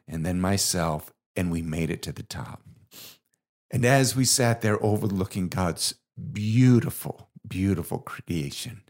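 A middle-aged man with a low, deep voice tells a heartfelt story as a podcast co-host. He speaks earnestly and with feeling, in the reflective manner of faith talk. His steady, low delivery carries a sincere, encouraging weight.

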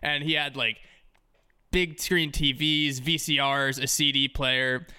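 Bright, crisp-voiced podcast man. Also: medium pitch, slow pace. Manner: relaxed, easygoing, laughs and fills with "um". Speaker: podcast co-host. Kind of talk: casual chat.

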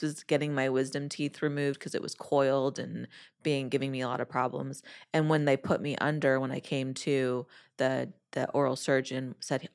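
A woman podcast host telling a personal story in a casual interview, acting out her own past remarks in a lively way. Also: rumbling low.

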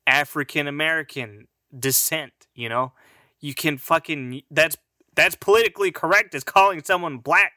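A man's voice: fairly high pitch, moderate pace, pushed and bright, no room sound, clean studio sound. A man of Mexican heritage rambling through a casual, profane monologue, often laughing at his own jokes.

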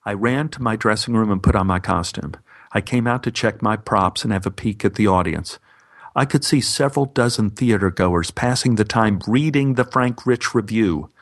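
A man's voice: on the low side, moderate pace. A man narrating a personal story for a podcast with dry, wry humor.

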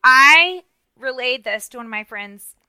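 A middle-aged woman co-hosting a podcast, telling a story in a self-mocking, animated way with lots of restarts and asides. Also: sits high, a little slow, clean tone, no room sound, low-quality recording. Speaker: podcast co-host. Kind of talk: casual storytelling chat.

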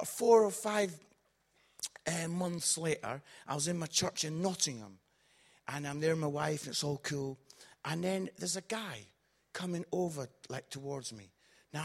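A man with a Scottish accent, preaching to a congregation in a comic, animated storytelling style with acted-out quotes. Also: a little high, gravelly, breathy edge. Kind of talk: humorous storytelling sermon.

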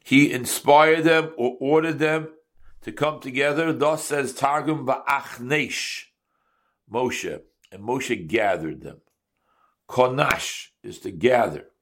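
A man's voice: mid-range voice, slow pace, a bit bright. A man teaching a Torah class to his congregation, asking rhetorical questions and mixing in Hebrew and Yiddish terms.

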